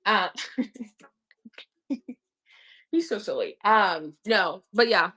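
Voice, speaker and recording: A woman's voice: mid-range voice, drawn-out words, pushed and bright. A young woman chatting casually with viewers on her own livestream, slangy and talkative. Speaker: online reseller hosting a livestream.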